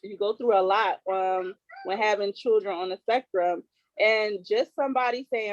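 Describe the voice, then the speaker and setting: A woman's voice: medium pitch, moderate pace, no echo, muffled recording. Woman, host, video call chat, earnest and emphatic, dry close sound.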